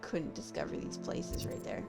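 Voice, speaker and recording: A woman from California, streaming a game and chatting casually with her viewers, thinking aloud and answering their comments. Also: moderate pace. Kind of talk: casual live-stream chat while gaming. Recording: game music playing behind.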